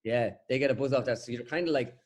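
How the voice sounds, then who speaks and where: Fast-talking Irish man telling stories. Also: mid-range voice, a little mellow. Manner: rapid, storytelling, acts out quotes. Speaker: guest, comedian and impressionist. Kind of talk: casual podcast chat.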